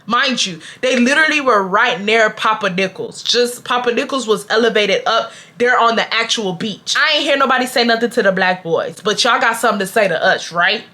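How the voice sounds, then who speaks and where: Bright-voiced young woman telling a story. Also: fairly high pitch, a little fast, hardly any pauses. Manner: animated, slangy, addresses viewers directly. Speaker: vlogger. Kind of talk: casual storytime.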